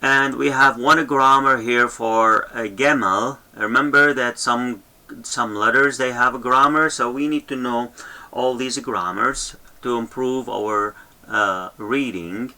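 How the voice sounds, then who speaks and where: A man teaching a language lesson, saying each sound slowly and more than once, with many fillers and checks of "okay?". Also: mid-range voice, steady tone, sharp tone. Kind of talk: slow instructional lesson.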